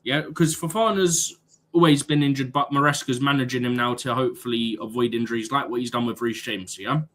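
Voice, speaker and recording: A man's voice: mid-range voice, a little fast, a bit bright. A man co-hosting a football live stream, arguing his points and tagging "yeah?" onto them in casual chat.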